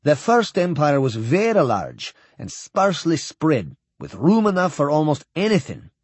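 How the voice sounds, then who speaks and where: A man narrating an audiobook in an expressive, steady storytelling manner. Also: on the high side, a little slow, husky, no room sound. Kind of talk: scripted narration.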